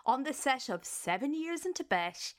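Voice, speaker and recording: A woman's voice: high-pitched, very animated, moderate pace. Irish woman telling celebrity gossip. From Ireland. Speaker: podcast co-host. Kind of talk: casual chat, recounting gossip.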